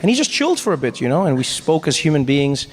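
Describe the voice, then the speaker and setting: A man tells a stand-up story in a rushed, animated way, tripping over his own restarts. His voice sits high for a man and races along at a rapid clip. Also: breathy edge. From Africa. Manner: animated, flustered retelling with frequent stammering restarts. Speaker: stand-up comedian.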